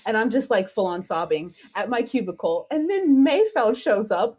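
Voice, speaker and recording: A woman's voice: mid-range voice, animated, a little fast, few pauses, a little mellow. A woman co-hosting a fan stream over a video call, gushing emotionally and laughing often. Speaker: podcast co-host. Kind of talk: excited fan stream chat.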